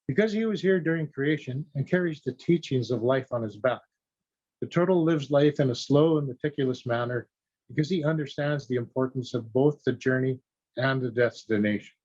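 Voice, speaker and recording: A man giving a talk on traditional teachings and telling a story, in a slow, measured way. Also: mid-range voice, darkish tone. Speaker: conference speaker. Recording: dull lo-fi audio.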